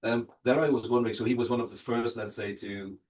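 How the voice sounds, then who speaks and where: A man's voice: medium pitch, fairly even intonation, fast talker, darkish tone, a little hiss or hum. A man moderating an academic Q&A, hesitant and full of fillers and restarts as he builds his question. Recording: distant mic.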